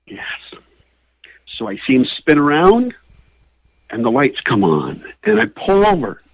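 A man telling a comic story as a guest, animated and building to high excited peaks. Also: unhurried, vocal fry, husky, phone-quality sound. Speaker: comedian guest.

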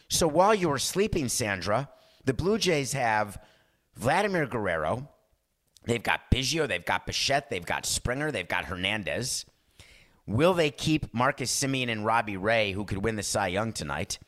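Male sports talk host, lower voice, theatrical monologue with put-on character voices. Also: a bit bright. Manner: theatrical, acts out phone calls in character voices.

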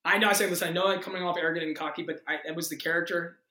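A man in his thirties, an actor, telling a story in a casual interview with excited energy, acting out quotes and swearing freely. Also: on the high side, rapid-fire, reverberant. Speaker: actor guest.

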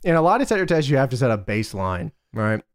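Podcast co-host, man, mid pitch, easygoing explainer. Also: fast, no room sound, clean studio sound. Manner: relaxed storyteller, explains step by step. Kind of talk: casual chat recapping wrestling.

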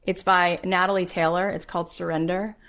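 Emphatic woman in her forties, lowish voice. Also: little pitch movement, a little fast, fairly bright tone. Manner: emphatic storytelling with rhetorical questions. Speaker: podcast host. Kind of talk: motivational personal monologue.

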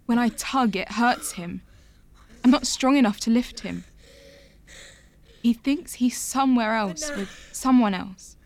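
An actress narrating a radio drama as a young woman looking back on her family, in a slow, quiet, reflective first-person voice. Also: fairly high pitch. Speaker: lead narrator of an audio drama.

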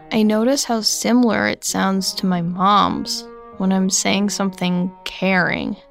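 A young woman narrating a scripted first-person story in a slow, reflective way. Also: mid-range voice, gravelly.

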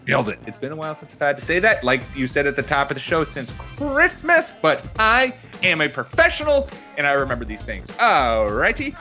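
Male host, Minnesotan accent, lively bright tone, loose jokey delivery. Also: on the high side, fairly quick, few pauses, soft background music. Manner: animated, jokey, rambling with restarts. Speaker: podcast host. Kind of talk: casual sports podcast chat.

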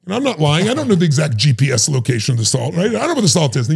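Emphatic middle-aged male guest, gravelly and husky, brisk and animated, slightly higher voice. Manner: acts out quotes in raised voices, emphatic. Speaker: guest, life strategist. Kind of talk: animated storytelling.

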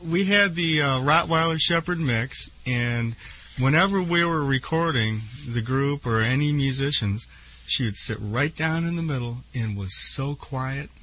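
A man appearing as a guest on a radio show, telling a story in a relaxed way. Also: mid-range voice, unhurried, highs cut off. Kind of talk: casual radio interview.

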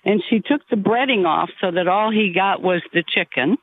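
An older grandmother calls in over a thin, tinny phone line. Her voice is mid-pitched. She speaks politely and chattily to the host. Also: normal speed. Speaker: radio caller. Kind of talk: phone-in call.

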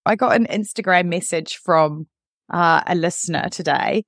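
A woman's voice: lowish voice, moderate pace, dry recording. A woman hosting a podcast and reading a listener's letter aloud, audibly moved and choked up as she talks. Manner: emotional, choked up while reading. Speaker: podcast host. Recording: dry, close studio sound.

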